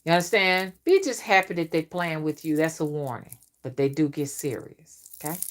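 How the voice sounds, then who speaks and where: Stern woman, lowish voice. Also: animated. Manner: stern, warning, drawn-out emphatic storytelling. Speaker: rootwork spiritual reader. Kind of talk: casual storytelling monologue to camera.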